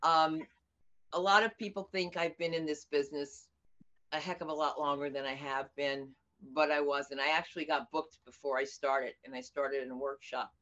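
A middle-aged American woman comedian and teacher, telling stories in an animated, outspoken way during an interview. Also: low voice, normal speed. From United States. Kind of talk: conversational interview over video. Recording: dull lo-fi audio.

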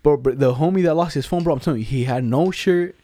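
A young man telling a story to a friend in casual chat, slangy and animated, laughing often. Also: on the high side, quick pace, no room sound.

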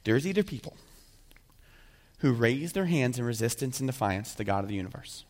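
A male pastor delivering a sermon at a brisk, driving pace. His voice carries a long reverb from a large hall. He acts out imagined speakers and swings from emphatic peaks to hushed asides. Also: mid-range voice, big pitch swings.

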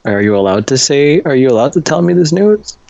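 A man's voice: on the high side, big pitch swings, brisk, vocal fry, a little mellow, no room sound, muffled recording. A man in a casual group chat, sarcastic and joking, swearing freely.

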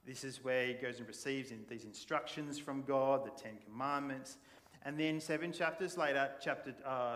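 A man preaching a sermon, telling the story in a casual, animated way and acting out the people in it. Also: mid-range voice. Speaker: pastor. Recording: long church hall reverb.

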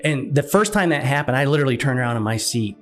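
A man's voice: medium pitch, quick pace, faint music behind. A man earnestly recounting a personal faith story, acting out the dialogue as he goes. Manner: earnest, animated retelling with quoted dialogue. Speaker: guest sharing testimony.

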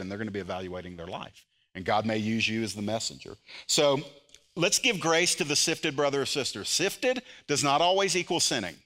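Guy preaching a sermon, sharp bright tone, gets loud then goes real quiet and earnest. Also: mid-range voice. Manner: impassioned preaching, swinging from loud emphasis to quiet intensity. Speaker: pastor.

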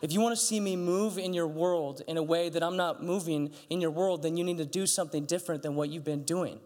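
Animated pastor preaching in a big hall. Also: male voice, fairly quick. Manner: animated, acts out dialogue with big pitch jumps. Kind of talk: sermon storytelling. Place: church stage. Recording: long hall reverb.

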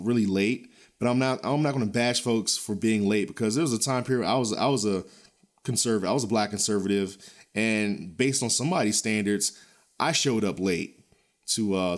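A man hosting a podcast, ranting in a blunt, profane, animated way with frequent chuckles and a loose, rambling delivery full of restarts. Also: lowish voice. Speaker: podcast host. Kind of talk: casual ranting podcast commentary.

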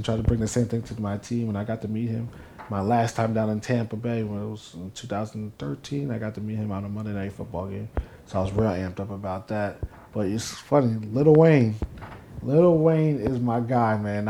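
A young man from New Jersey, a guest in an interview, telling stories casually and acting out the quotes with rising excitement. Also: fairly low pitch, moderate pace, a little hiss or hum. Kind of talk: casual storytelling.

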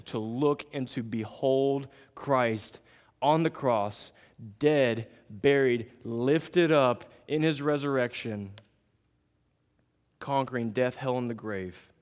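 Man preaching in an echoing hall. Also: medium pitch. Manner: measured preaching that builds to raised emphatic passages. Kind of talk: sermon. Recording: long reverb of a large hall.

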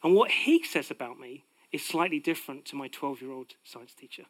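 Animated male preacher, high voice. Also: a little fast. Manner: animated, swings from loud proclaiming to hushed. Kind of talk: sermon.

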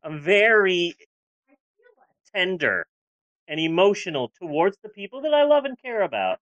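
A woman's voice: medium pitch, very animated, fairly quick, no room sound, lo-fi sound. A woman in her forties chatting candidly on a podcast, rambling a little and restarting her sentences. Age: 40s. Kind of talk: casual podcast chat.

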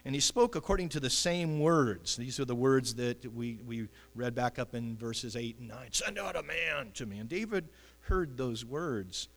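Preacher in a reverberant hall. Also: male voice, mid-range voice, measured pace. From United States. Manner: animated, acts out voices, chuckles. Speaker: pastor. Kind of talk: sermon.

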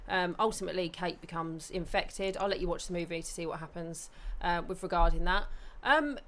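A woman's voice: on the low side, fairly quick, fairly bright tone. Chatty southern English woman. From Watford, England. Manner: chatty, laughs often, swears casually. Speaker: podcast co-host. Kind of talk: casual film chat.

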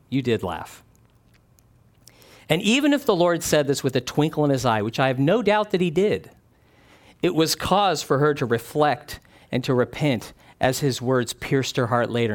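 A man delivering a sermon in an animated way. His voice sits a little high and moves a lot, and he drops low and quiet when he acts out what someone said. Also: normal speed. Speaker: preacher.

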